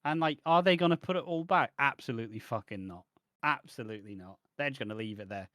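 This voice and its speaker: Man, co-host, casual rambling chat, sweary, laughs a lot, mid pitch, dry close mic. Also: fast, fairly bright tone, no echo. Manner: rambling, sweary, laughs often, slips into mocking quoted voices. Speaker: podcast co-host. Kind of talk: casual chat reviewing a soap opera.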